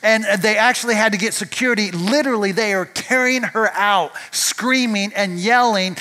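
A man preaches a sermon in a high, bright, forceful voice. He keeps it conversational and often tosses rhetorical questions back at the congregation. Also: moderate pace, few pauses. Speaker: pastor. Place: church.

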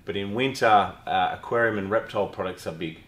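Easygoing Australian man, fairly low voice. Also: fairly quick, a bit bright, echoey room. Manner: easygoing, rambling storyteller. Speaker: business owner. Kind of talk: casual interview.

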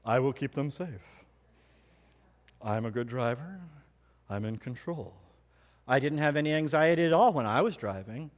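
A middle-aged man preaching a sermon, telling personal stories with animated, self-mocking humor. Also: medium pitch, moderate pace, pauses often. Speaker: pastor. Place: church hall. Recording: hall reverb.

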